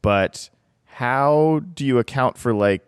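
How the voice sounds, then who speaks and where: A man's voice: medium pitch, takes it slowly, clear, resonant tone, dry recording, studio quality. A man hosting a podcast, asking curious questions and making self-deprecating jokes. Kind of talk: podcast conversation.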